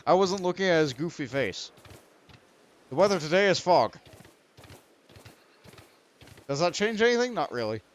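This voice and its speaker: Lively-voiced young man streaming a game. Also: high-pitched, brisk. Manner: rambling, self-deprecating, talks to the game. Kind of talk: let's play commentary.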